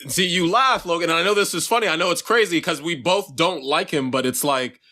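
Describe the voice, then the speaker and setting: A man's voice: fairly high pitch, brisk, bright, forceful tone. A young man co-hosting a casual podcast chat, rambling and restarting his sentences, swearing freely. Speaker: podcast co-host.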